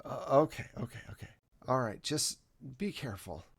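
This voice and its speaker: A paranoid, agitated husband who presses his point and curses, played by a man in his own voice. His pitch is medium and his tone is plain. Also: expressive, normal speed, husky. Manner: anxious, insistent, swears.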